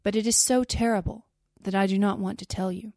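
Solemn storybook rose tree, grave and measured, read by a woman in a warm, dry voice. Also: medium pitch, fairly even intonation, no echo, lightly acted.

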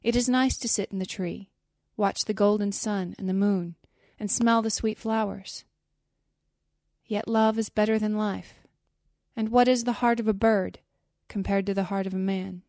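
A woman's voice: mid-range voice, steady tone, moderate pace, dark tone, no room sound, clean studio sound, natural voice. A woman voicing a small, devoted female nightingale in a storybook reading, earnest and pleading.

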